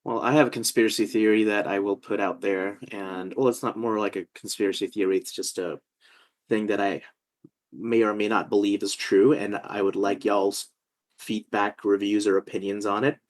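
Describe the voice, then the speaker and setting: A man from India with an Indian English accent, chatting casually as a podcast host in a joking, self-mocking, halting way. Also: on the low side, fairly even intonation. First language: not English. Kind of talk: casual chat.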